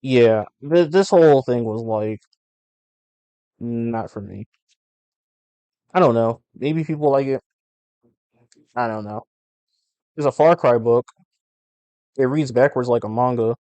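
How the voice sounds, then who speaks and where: A man hosting a podcast, chatting casually and profanely in slangy, animated rants. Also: medium pitch, takes it slowly, pauses often, clean tone, no echo, lo-fi sound. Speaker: podcast host. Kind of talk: casual comic book review podcast.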